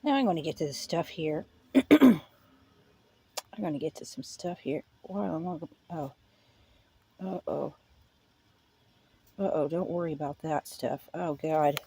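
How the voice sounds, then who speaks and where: A woman's voice: deep voice, a little slow, pauses often, dark tone, breathy edge. A woman hosting a casual live-stream hangout, rambling in a folksy way and dropping prayerful asides. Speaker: livestream host.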